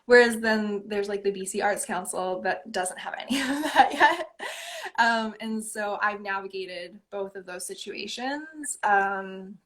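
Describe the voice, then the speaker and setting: A woman's voice: medium pitch, measured pace, fairly bright tone. Thoughtful woman poet in casual interview. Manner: thoughtful, frequent "like" and "um" fillers, laughs lightly.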